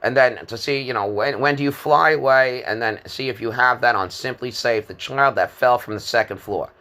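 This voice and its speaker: A man's voice: medium pitch, moderate pace, bright, forceful tone. A man in his fifties giving a rambling, disjointed monologue, hesitant, with many fillers and repeated words. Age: 50s.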